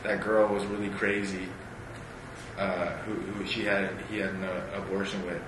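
A man's voice: low-pitched, normal speed. A man talking casually about a book, rambling with lots of fillers and reading passages aloud. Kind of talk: casual chat. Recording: echoey room with steady background noise.

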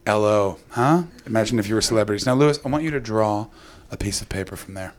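A man's voice: lowish voice, fast talker. A man with a North American accent hosting a comedy podcast, talking in rambling, sarcastic, profane banter. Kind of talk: casual comedic chat.

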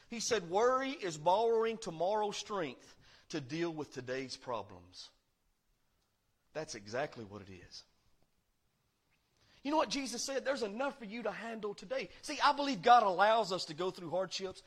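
A man preaching a sermon as pastor, swinging between loud proclaiming and quiet, confiding asides. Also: high voice. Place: church sanctuary.

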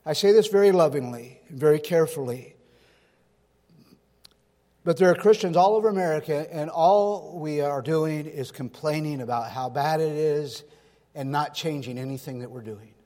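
High-voiced preaching man in a reverberant hall. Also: normal speed, warm tone. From California. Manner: folksy preaching with stories and rhetorical questions. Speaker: pastor. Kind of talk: sermon.

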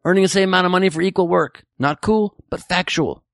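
A man's voice: high-pitched, quick pace, gravelly, no room sound, studio quality. A man hosting a podcast, riffing sarcastically and profanely on news headlines. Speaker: podcast host. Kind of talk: comedic news commentary.

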